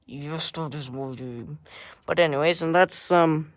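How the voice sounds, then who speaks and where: Speaking at a measured pace in a low voice with no echo, a woman plays a goofy, chatty male toy train engine. In this playful toy role-play, she has him squeal, yelp and poke fun at himself.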